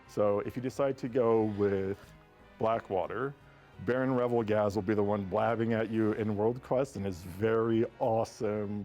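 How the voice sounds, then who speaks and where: A man presents new game content with enthusiasm, explaining each feature in turn. Soft music plays faintly behind his voice. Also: lowish voice, fairly even intonation, normal speed. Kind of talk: promotional presentation.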